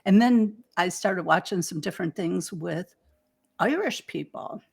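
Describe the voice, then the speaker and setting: Slow, gravelly Detroit woman. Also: fairly low pitch. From Detroit, United States. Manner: laughs often, playful banter. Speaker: spiritual teacher, co-host. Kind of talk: casual chat.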